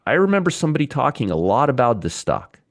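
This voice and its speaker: A man's voice: medium pitch, sing-song, fast, dry recording, studio quality. A middle-aged man hosting a live stock market stream, chatty, reading out viewer comments and teasing his audience. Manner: chatty, reads viewer comments, jokes and teases. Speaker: stock market show host.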